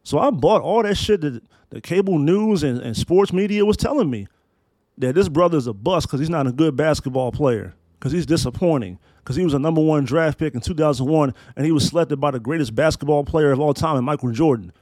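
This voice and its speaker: A man's voice: on the high side, lively intonation, a little fast, a little mellow, no room sound. A man in his thirties hosting a solo podcast, talking in emphatic, profane, preacher-like build-ups. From Maryland, US. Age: 30s. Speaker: podcast host.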